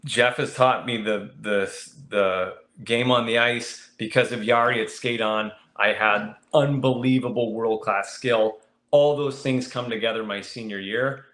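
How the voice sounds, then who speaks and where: A young man telling stories as a podcast guest in a casual, animated way, with a voice of middling pitch. He often jumps high when he quotes his friends. The room around him is echoey. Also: a little slow. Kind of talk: casual storytelling.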